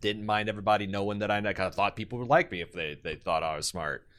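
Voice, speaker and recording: A man's voice: lowish voice, fairly even intonation, fast, fairly bright tone. A young man co-hosting a podcast, chatting casually and rambling with jokes. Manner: rambling, joking, drifts into goofy put-on voices. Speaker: podcast co-host. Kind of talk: casual chat.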